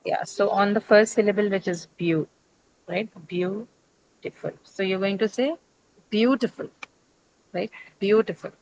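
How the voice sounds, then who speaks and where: A woman's voice: mid-range voice, steady tone, normal speed, darkish tone, slight background noise, low-quality recording. Woman teacher leading a pronunciation lesson. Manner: checks in with students, frequent "right?" and "uh" fillers. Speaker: English teacher. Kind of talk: classroom lesson on word stress. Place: classroom.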